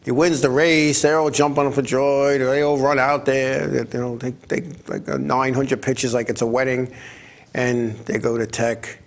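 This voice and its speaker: A man at a middle pitch tells stories on his racing talk show. His voice has a rough, gravelly edge. He rambles in a casual, animated way, stumbling and repeating words as he acts out other people's lines. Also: moderate pace. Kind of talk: casual talk-radio storytelling.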